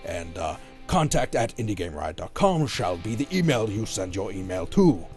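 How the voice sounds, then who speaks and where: A man chatting casually on a gaming podcast, talking in loose, rambling runs full of fillers. His pitch rises and falls freely. Faint music sits underneath him. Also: sing-song, normal speed, a little mellow. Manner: rambling, filler-heavy, laughs easily. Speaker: podcast co-host.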